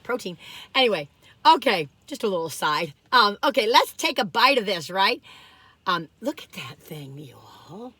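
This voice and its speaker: A woman's voice: medium pitch, very animated, moderate pace, a bit bright, slightly rough, no room sound. A woman vlogging alone from her parked car, rambling through stories and exclaiming often. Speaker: food review vlogger. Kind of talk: chatty solo vlog.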